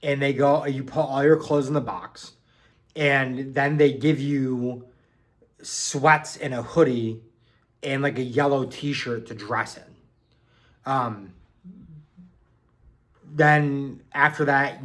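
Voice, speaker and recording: A man's voice: medium pitch, fairly even intonation, slow pace, pauses often, fairly bright tone. A young man telling a story in a casual, rambling way, full of fillers and swearing. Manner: rambling, lots of "like" and "um", swears freely. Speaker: vlogger recounting boot camp.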